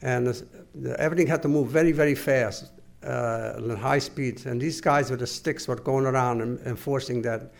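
An older man giving oral history testimony to an interviewer, halting and earnest, with many pauses and restarts. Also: mid-range voice, steady tone, creaky. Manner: measured, earnest recounting.

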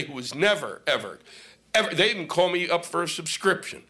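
A man's voice: on the high side, big pitch swings, a little fast, heavy background noise. A middle-aged man doing a stand-up comedy set on stage, ranting and exasperated, swearing often. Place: stage before an audience.

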